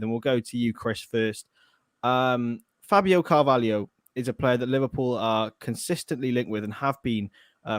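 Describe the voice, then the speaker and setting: A man's voice: mid-range voice, no room sound, clean studio sound. A man hosting a live football transfer chat show in a casual, rambling way. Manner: chatty, loose, restarts often. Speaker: podcast host.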